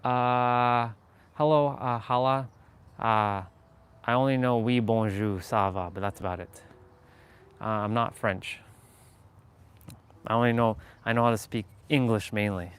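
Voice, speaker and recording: A man's voice: medium pitch, steady tone, a little slow, long pauses, fairly bright tone, clean tone. A man hosting a casual motivational live stream, talking earnestly and rambling with lots of fillers and laughs.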